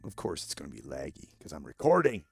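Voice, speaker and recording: A man with a sore throat and a gravelly voice, walking through a video game casually and bluntly, explaining each step. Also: very deep voice, wildly swooping pitch, fast, no echo. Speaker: gaming YouTuber. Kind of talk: casual gameplay walkthrough.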